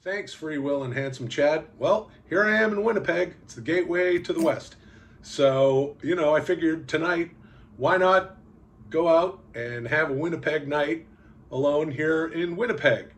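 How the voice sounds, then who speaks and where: A Canadian man co-hosts a comedy podcast, joking and swearing a lot as he recaps a vlog in casual comedic chat. His voice is fairly high, husky, and moderately paced, and he drawls out signs in a put-on Canadian accent.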